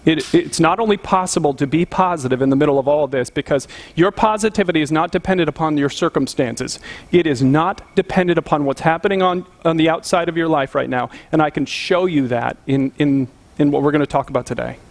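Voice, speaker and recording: A male pastor delivers a sermon in an easygoing, conversational manner. He tells stories as though chatting with friends. His voice sits slightly higher than most men's. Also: a little fast. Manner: conversational storytelling, chuckling.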